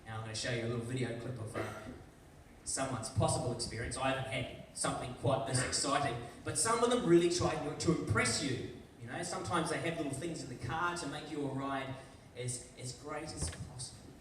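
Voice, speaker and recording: A man with a New Zealand accent gives a school worship talk as a guest, chatty and voicing little acted-out scenes in a large hall. He speaks briskly in a medium-pitched, fairly bright voice, and the echoey recording, made from a distance, has a little hiss or hum.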